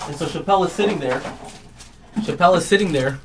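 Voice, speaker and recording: A chatty card break host talks casually on a live stream and laughs often while retelling comedy bits. The voice sits at a middle pitch. Steady background noise and clicks run under the stream. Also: fast.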